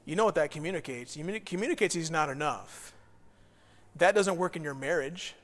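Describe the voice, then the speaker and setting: A man's voice: on the high side, normal speed, a bit bright. A man preaching a sermon as pastor, in a conversational style. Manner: conversational, acts out quoted voices. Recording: long reverb of a large hall.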